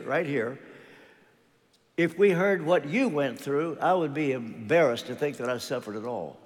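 An older man preaches in a large church hall, where long reverb trails after each phrase. He speaks slowly with a fairly high voice that rises and falls a lot. His delivery is earnest and personal. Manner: earnest, personal storytelling with pauses and restarts. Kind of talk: sermon.

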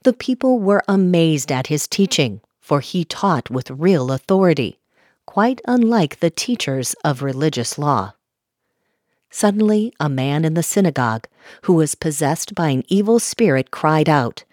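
A woman giving a measured, even reading of a scripture passage. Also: low-pitched, no room sound, studio quality. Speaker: Bible reader.

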